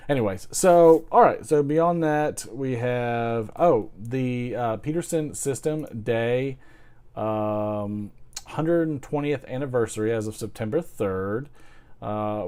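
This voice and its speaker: A man's voice: medium pitch, warm tone. Chatty man rambling about pipes. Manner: chatty, self-deprecating, laughs often, tries comic voices. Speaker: pipe-smoking video host. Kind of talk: casual rambling chat.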